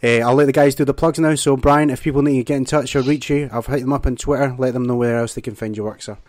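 A man's voice: medium pitch, steady tone, fast talker, a little mellow, no room sound, studio quality. A man hosting a podcast in casual chat, laid-back as he wraps up with plugs. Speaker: podcast host.

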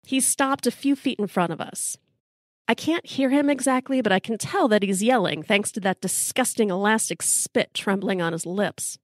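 A woman's voice: mid-range voice, no room sound, clean studio sound. A middle-aged American woman telling a personal story in a wry, casual, sometimes profane way. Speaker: storyteller host.

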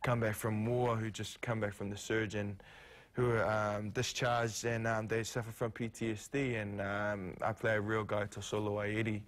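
A man with a New Zealand accent, an actor guesting on a TV morning show, talking in a halting way with many ums and restarts. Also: on the low side, little pitch movement. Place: TV studio.

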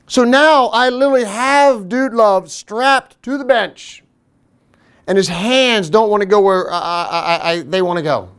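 A man's voice: sits high, a little slow, clear, resonant tone. A fitness trainer and podcast host telling a casual, self-deprecating story, acting out the other people's voices as he goes. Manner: animated, self-deprecating, acts out quoted voices.

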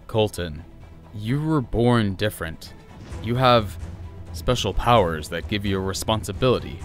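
A man's voice: fairly low pitch, animated, a little slow, soft background music. A man voicing a patient, firm superhero father who lectures earnestly.

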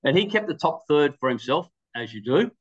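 A man presenting at a webinar, rattling through an anecdote at a brisk clip. His voice sits a little higher than most men's, and he slips into quoted dialogue as he tells the story. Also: very animated, husky, muffled recording.

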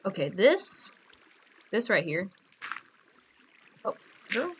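A woman's voice: medium pitch, sing-song, slow. Woman gamer, chatty and jokey, talks to herself while playing, laughs easily, faint hiss behind. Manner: playful, jokey and giggly, talking to herself. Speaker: Minecraft player. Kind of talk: casual gameplay commentary.

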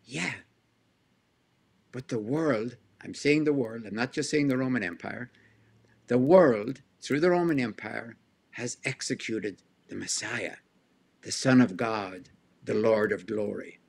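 A male historian answers an interview question in a lively, explanatory way. He stacks rhetorical questions and chuckles between points. His voice sits at an ordinary middle pitch. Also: unhurried, creaky, breathy edge. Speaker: historian guest.

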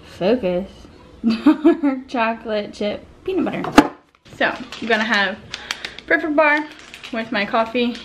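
Woman vlogger, fairly high voice, chatty and laughing, a bit out of breath, faint hiss in the room. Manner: chatty, laughs often, baby talk with her son. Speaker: vlogger and homeschool mom. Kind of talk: casual vlog chat. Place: home kitchen, indoors.

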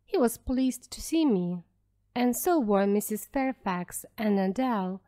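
A woman narrating a storybook for English learners in a careful, clear reading. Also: a little high, warm tone.

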